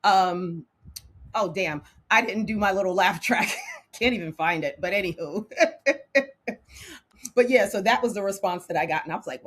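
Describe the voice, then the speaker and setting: A woman hosting her own show, talking candidly and with feeling, laughing often and slowing down to hit her emphatic points. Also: mid-range voice, husky. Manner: candid and animated, laughs often, slows down to punch emphatic lines. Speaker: host. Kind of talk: casual talk to camera.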